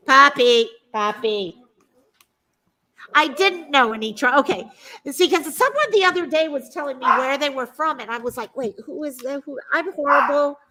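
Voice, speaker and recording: A woman's voice: expressive, fairly quick, background noise. A woman hosting a casual livestream chat from home, talking to viewers and her pets. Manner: chatty, talks to her pets in a high sing-song voice. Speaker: livestream host.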